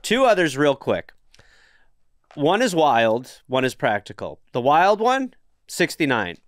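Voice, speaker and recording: Lively, smooth-voiced man joking on a podcast. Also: slow, dry recording, clean studio sound. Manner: playful, pitches crude ideas. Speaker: podcast co-host giving advice. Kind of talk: casual comedic chat.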